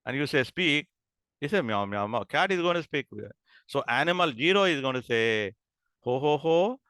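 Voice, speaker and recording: Bright, crisp-voiced male lecturer. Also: medium pitch, lively intonation, no room sound. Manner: repeats and checks understanding, halting restarts. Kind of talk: classroom lecture. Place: classroom.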